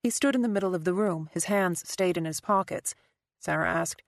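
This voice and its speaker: With a lowish voice and a moderate pace, a female narrator reads a scripted thriller audiobook in an even, steady style. The recording is dry and clean, with studio quality.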